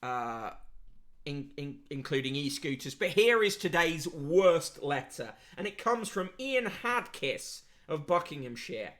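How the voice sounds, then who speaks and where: A man's voice: a little high, sing-song, a little slow, a bit bright. A man hosting a podcast and giving a sardonic, casual running review of newspapers, with plenty of fillers.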